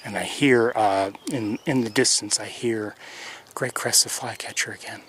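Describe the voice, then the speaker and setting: A man's voice: lowish voice, steady tone, unhurried, fairly bright tone. A man hosting a live birding tour, narrating casually as he walks the trails by a pond and thinks aloud with hesitant restarts. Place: outdoors on nature trails by a pond. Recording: faint outdoor noise. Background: birdsong and outdoor ambience.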